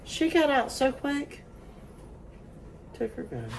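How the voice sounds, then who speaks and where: A woman with a fairly high voice talks in a lively, swooping way. She tells stories and bosses an improvised scene along. The recording is a noisy home recording. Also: slow pace. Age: 30s or older. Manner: storytelling, animated, bossy when directing the scene. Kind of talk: casual chat and improvised role-play.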